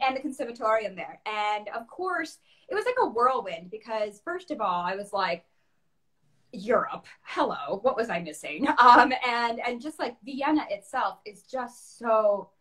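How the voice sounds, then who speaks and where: A guest opera singer from Chicago, USA, tells her story in a casual interview, her voice pitched in the medium range. She speaks animatedly, quoting and acting out her past self, and laughs often.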